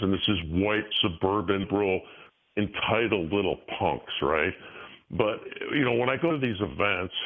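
Older man, sixties, animated storyteller, low voice, thin phone-line sound. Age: 60s. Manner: animated storytelling with frequent restarts. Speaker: guest. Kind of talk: casual interview talk. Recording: tinny phone-line audio.

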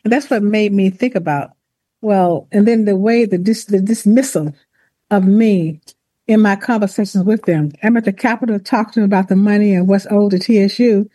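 A woman telling her story in an interview, speaking deliberately, with restarts and the odd laugh. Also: medium pitch, dark tone, no room sound. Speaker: former university president, author. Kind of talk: interview, personal account.

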